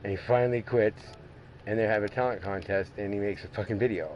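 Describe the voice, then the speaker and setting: A man's voice: on the low side, fairly even intonation, fast talker, muffled recording, slight background noise. A man chatting casually while streaming a racing game, rambling, swearing heavily and laughing often. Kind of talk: casual gaming stream chat.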